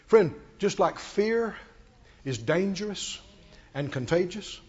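A man preaching a sermon, telling a story dramatically, acting out the characters and swinging from shouts to near-murmurs. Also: high voice, animated, breathy edge, highs cut off. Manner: acts out the characters' lines in quick voices.

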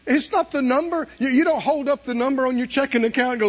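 A man preaching a sermon, emphatic, dropping to a hush and then rising to shouts. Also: very high-pitched, animated, fairly quick, hardly any pauses, dull audio. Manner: emphatic, swinging from hushed to shouting, with laughs.

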